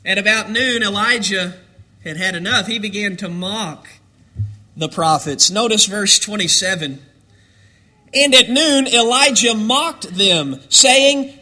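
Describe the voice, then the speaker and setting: A man preaching a sermon, building to dramatic shouts and then dropping low. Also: lively intonation, slow.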